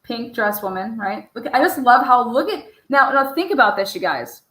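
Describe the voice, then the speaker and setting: A woman's voice: on the high side, expressive, normal speed, a bit bright, reverberant, rough recording. A woman giving casual true crime commentary over case footage. She swears freely and fires off pointed rhetorical questions. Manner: profane, rhetorical, asks many pointed questions.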